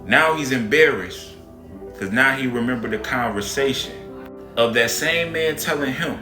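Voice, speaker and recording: A man's voice: medium pitch, expressive, moderate pace, reverberant, music in the background. A man narrating a moral story in a casual, conversational way.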